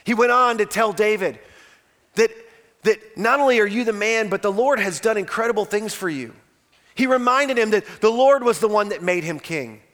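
A male pastor preaching a sermon, retelling a story dramatically, swinging from loud outbursts to hushed lines. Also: high-pitched, lively intonation, brisk.

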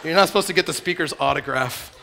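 Animated, joking male youth preacher. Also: fairly high pitch, fast, creaky, a faint crowd, a little hiss or hum. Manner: animated, joking, acts out voices. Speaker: youth speaker. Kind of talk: youth camp sermon.

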